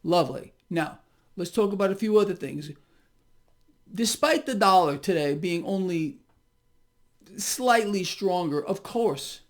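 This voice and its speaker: A middle-aged man hosting a casual market commentary, talking straight to his viewers in an animated, chatty way. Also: high voice, unhurried, long pauses.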